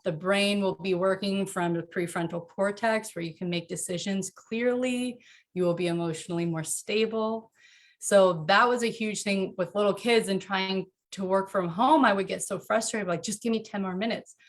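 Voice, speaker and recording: A woman talking earnestly about parenting in a casual interview from home, animated and quick to laugh. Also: mid-range voice. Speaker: podcast guest, author.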